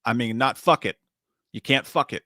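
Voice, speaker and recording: A man's voice: medium pitch, normal speed, no echo, clean studio sound. A man co-hosting a live movie podcast, chatting casually, swearing a lot and laughing often. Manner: profane, animated, laughs often. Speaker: podcast co-host.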